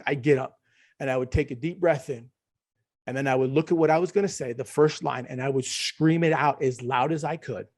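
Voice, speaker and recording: A middle-aged man, a podcast guest, talking in an emphatic, ranting way and dropping to a hushed tone when he quotes himself. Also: a little high. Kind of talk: animated conversational storytelling.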